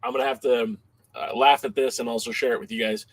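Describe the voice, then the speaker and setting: A man co-hosts a podcast in loose, casual chat, often getting worked up and laughing along as he goes. His voice is mid-pitched and sits close and dry on the mic, with no room sound behind it. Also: fast talker, husky, no echo. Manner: animated, reads chat comments, laughs easily. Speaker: podcast co-host.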